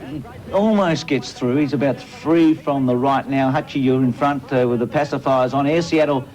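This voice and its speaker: Brisk Australian sports host. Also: male voice, medium pitch, darkish tone, soft background music, poor audio. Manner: brisk, conversational, leading the talk. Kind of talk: sports broadcast chat.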